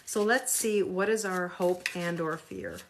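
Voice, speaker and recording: A woman's voice: on the low side, very animated, a little slow, background noise. A woman hosting a live tarot reading, talking casually with viewers in a sarcastic, chatty way and reading card meanings aloud.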